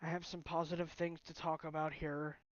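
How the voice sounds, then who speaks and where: A man's voice: on the high side, level tone, brisk, muffled recording. A young man talking to his viewers on a phone stream, upset and sighing, his voice close to breaking. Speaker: livestreamer. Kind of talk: emotional personal talk to viewers.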